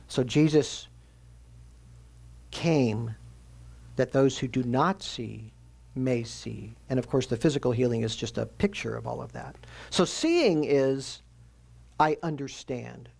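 A man preaching a sermon as pastor, teaching earnestly and slowing down to stress key phrases. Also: mid-range voice, fairly even intonation, creaky, a little mellow, slightly rough.

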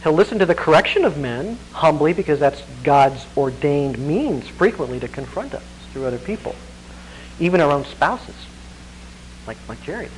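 A man's voice: a little high, expressive, moderate pace, slight background noise, rough recording. Emphatic preacher, man, wide swings. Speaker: pastor. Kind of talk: sermon. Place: church congregation.

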